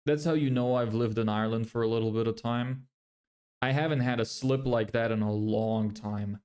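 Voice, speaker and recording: A man's voice: mid-range voice, steady tone, moderate pace, a little mellow. A man livestreaming his screen, muttering blunt critiques of websites in a casual, neutral-sounding accent. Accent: neutral, often heard as American. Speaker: business vlogger.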